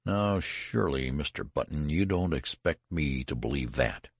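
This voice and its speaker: A man's voice: rumbling low, animated, normal speed, husky, no echo, studio quality, full character voice. A man voicing a stern, exasperated male college registrar who talks in a brusque, scornful way. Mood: incredulous.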